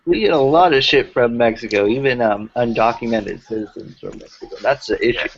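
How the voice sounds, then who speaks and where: Man, gravelly voice, lively pitch, wisecracking chat, lo-fi sound. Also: fairly quick. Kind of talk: casual chat. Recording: dull lo-fi sound.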